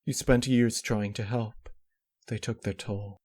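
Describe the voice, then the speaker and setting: A man's voice: fairly even intonation, slow pace, a little mellow, slightly rough. A man doing a weary, grim pony princess. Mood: resigned. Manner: low, resigned.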